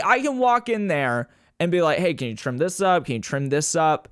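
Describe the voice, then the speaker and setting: High-pitched and clean in tone, this young man talks at a moderate pace with hardly any pauses. Hosting his podcast alone, he rambles casually, curses, and teases himself, animatedly mimicking others with a raised voice. The studio sound is clean, with no room sound.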